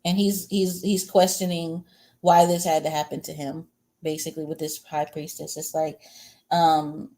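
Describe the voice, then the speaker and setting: A woman does a casual tarot reading on a livestream, rambling, responding to viewer comments, and speaking bluntly and crudely with frequent chuckles between remarks. Her voice is low-pitched and dark, with a level tone and a moderate pace.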